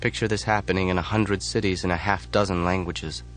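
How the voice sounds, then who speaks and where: Male narrator, low-pitched, measured, flat, first-person audiobook. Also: slight background noise.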